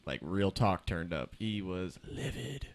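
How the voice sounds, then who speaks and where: Young male co-host, low-ish voice, animated storyteller who acts out quotes and curses casually. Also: measured pace. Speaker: podcast co-host. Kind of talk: casual chat among friends.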